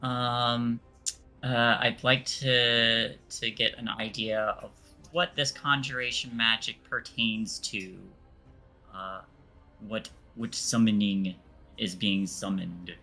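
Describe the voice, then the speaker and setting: A man's voice: medium pitch, little pitch movement, takes it slowly, bright, forceful tone, soft background music. A man playing a tabletop game, talking hesitantly with many fillers. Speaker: player.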